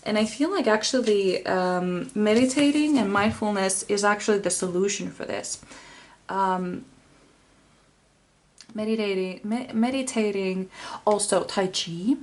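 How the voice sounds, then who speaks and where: A tarot reader gives a casual reading to camera, rambling with many fillers and restarts. She speaks unhurriedly in a mid-range voice.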